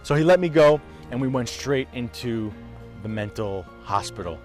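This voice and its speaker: A young man telling a raw, emotional story to camera as a vlogger, swearing freely, dropping to a hush and then rising loud. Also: medium pitch, lively intonation, moderate pace, faint music behind.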